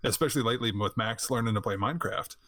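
Podcast host, thirties man, animated storyteller, mid-pitched, dry close sound. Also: quick pace, dry recording. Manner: animated storyteller, laughs often, acts out quotes. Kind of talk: casual chat.

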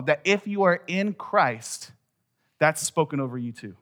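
A man's voice: on the high side, lively intonation, measured pace. Conversational male pastor preaching. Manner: conversational, swings from quiet to loud emphasis. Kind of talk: sermon.

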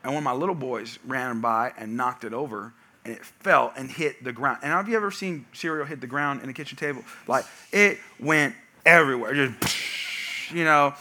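A man in his thirties preaching a sermon, telling lively stories about his kids and shouting the punchlines. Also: mid-range voice, a little fast, few pauses. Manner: energetic storytelling, shouting punchlines. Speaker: pastor.

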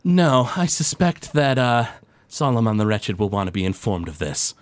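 A man voicing a formal, measured monster's henchman who speaks in stiff, deliberate phrasing. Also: mid-range voice, sing-song, close to an everyday voice. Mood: grave.

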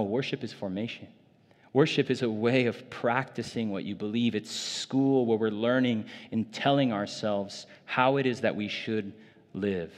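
A man's voice: fairly low pitch, big-room sound. A man preaching a sermon in a loose, conversational way, full of casual fillers, in a church. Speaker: pastor.

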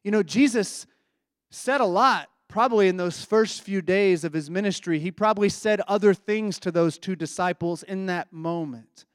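A man's voice: high-pitched, moderate pace, no room sound, studio quality. A man preaching a sermon in a conversational, reflective way, often asking his listeners questions.

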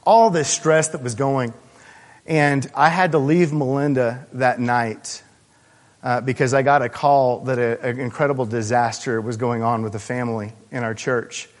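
A man's voice: medium pitch, fairly even intonation. Pastor, man, mid-range voice; heartfelt sermon delivery, stops and restarts, recorded in a big reverberant church hall. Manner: earnest, halting storytelling with many restarts.

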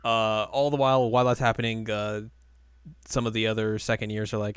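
A man's voice: lowish voice, level tone, clean tone, no echo, studio quality. Giggly man recapping an episode. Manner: laughs often, acts out characters' lines in quick put-on voices. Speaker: podcast co-host. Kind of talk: casual chat recapping an anime episode.

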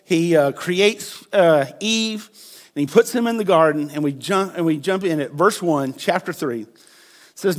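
A man's voice: fairly high pitch, measured pace. A man preaching a conversational sermon, checking in with his listeners and often repeating words. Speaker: pastor.

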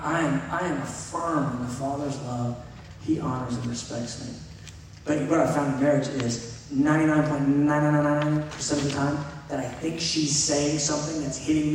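A middle-aged man preaching a sermon, talking earnestly and conversationally with asides to his congregation. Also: fairly high pitch. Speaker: pastor. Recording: echoey hall from far off, faint noise.

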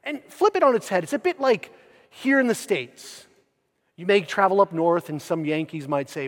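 A man's voice: high-pitched, expressive, moderate pace. Emphatic male preacher in reverberant church. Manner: swings from loud emphatic bursts to hushed near-whispers. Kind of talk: sermon.

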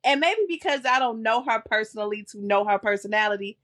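A woman co-hosting a podcast, chatting casually and telling animated stories, acting out the voices of people she quotes. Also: on the high side, fast talker. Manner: animated storyteller, acts out quotes. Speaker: podcast co-host. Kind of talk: casual chat.

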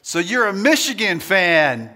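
Pastor, male, animated and upbeat, jokes with the crowd, then preaches in earnest; higher voice. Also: a little slow, background noise. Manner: playful, leads the crowd in call-and-response; shifts from jokey banter to earnest preaching. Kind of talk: sermon. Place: church hall with a live congregation.

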